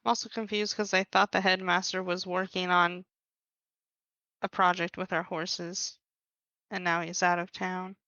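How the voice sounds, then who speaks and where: Woman, tabletop player, bright sharp voice, direct, lo-fi dry mic. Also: on the low side, flat delivery, measured pace, dry recording. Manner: direct, matter-of-fact. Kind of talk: tabletop game play.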